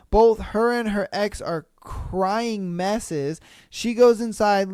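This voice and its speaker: Podcast host, male, clear smooth voice, dry close sound, blunt and profane story reactions. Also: sits high, darkish tone, no echo. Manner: blunt, profane, exasperated commentary. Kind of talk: reading and reacting to listener stories.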